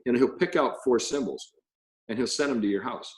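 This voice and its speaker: A man, a cymbal company president, guest on an interview show, telling animated stories with laughter. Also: mid-range voice, moderate pace, reverberant, low-quality recording. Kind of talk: storytelling in casual interview.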